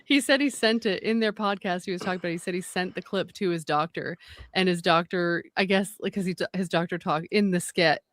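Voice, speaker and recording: A woman co-hosting a casual live stream, telling funny stories with animated quoted voices and frequent giggles. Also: on the low side, a little fast, no room sound. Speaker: stream co-host. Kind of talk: casual chat.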